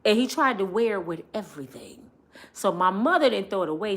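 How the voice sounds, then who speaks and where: A middle-aged woman telling family stories to her viewers in a casual vlog. Her speech is lively and chatty, and she laughs often as she goes. She speaks in a mid-range voice. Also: medium pitch, moderate pace.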